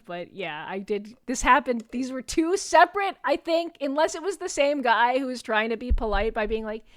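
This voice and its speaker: Animated young woman streamer telling a story. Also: a little high, moderate pace, few pauses, no echo, clean studio sound. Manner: animated, swears freely, acts out quotes. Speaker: VTuber streamer. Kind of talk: casual storytelling to stream chat.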